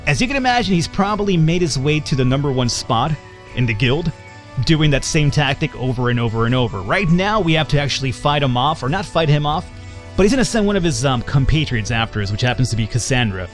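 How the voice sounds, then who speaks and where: A man's voice: mid-range voice, expressive, fast talker, soft background music. A man hosting a let's play, giving casual gameplay commentary in a chatty, self-deprecating way as he thinks aloud.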